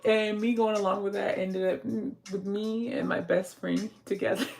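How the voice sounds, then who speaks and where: A woman's voice: mid-range voice, fairly even intonation, moderate pace, gravelly, darkish tone. A woman giving a casual tarot reading who talks straight to her viewers, chats freely and laughs often. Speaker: tarot reader.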